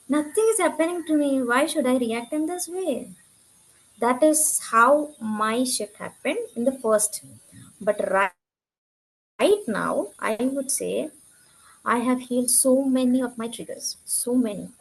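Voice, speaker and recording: A woman's voice: fairly high pitch, vocal fry, poor audio. A woman giving an earnest, candid testimonial about her own growth. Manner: earnest, candid, self-reflective. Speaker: program participant giving a testimonial. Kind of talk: conversational testimonial.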